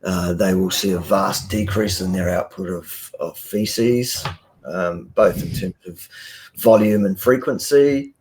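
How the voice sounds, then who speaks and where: Very deep-voiced blunt New man. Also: slow pace, a little mellow, slight background noise. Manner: vehement and blunt, many ums and restarts. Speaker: guest scientist on a live stream. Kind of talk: casual live-stream talk.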